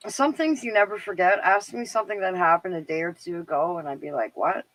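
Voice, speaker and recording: Hosting a livestream show, a middle-aged woman from Canada rambles casually in a Canadian accent, laughing and using lots of fillers. She talks at a quick pace in a lowish, slightly bright voice over poor audio.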